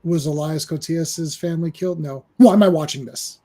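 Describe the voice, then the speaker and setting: Male podcast co-host, high and mellow voice, animated talker who acts out scenes for comic effect. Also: brisk. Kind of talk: casual movie discussion.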